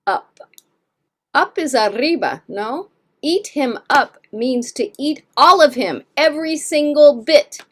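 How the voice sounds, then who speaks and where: Lively, slow-spoken woman teacher. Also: sits high. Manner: encouraging, explains words with Spanish glosses. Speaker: English teacher. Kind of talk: classroom reading lesson.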